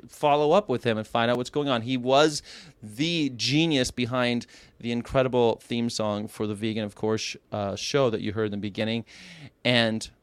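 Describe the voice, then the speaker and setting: This podcast host from California has a medium-pitched, clean voice with no room sound. He chats casually and meanders, often breaking off mid-thought and starting again.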